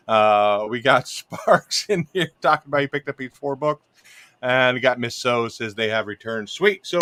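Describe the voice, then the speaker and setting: A man's voice: mid-range voice, fairly bright tone. Rambling man hosting a livestream. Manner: rambling, reads out chat comments. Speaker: podcast host. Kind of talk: casual livestream chat.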